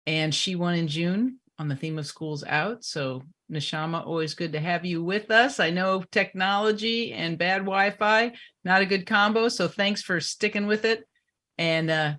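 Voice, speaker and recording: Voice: medium pitch, moderate pace, sharp tone. A show host introducing the next storyteller on a virtual stage, friendly and encouraging.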